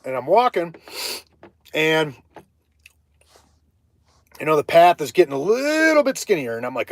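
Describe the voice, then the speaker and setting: A man from Ohio telling a hiking story on a casual live stream, chatty and animated, breaking off to greet viewers. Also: a little high, moderate pace, creaky, pauses often. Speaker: livestreaming vlogger.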